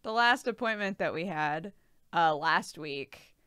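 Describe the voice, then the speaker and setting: A woman's voice: deep voice, animated, a little slow, fairly bright tone, smooth, dry recording, clean studio sound. A young pregnant woman streaming, chatting casually with her viewers, laughing often and swearing freely. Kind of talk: casual chat with live chat.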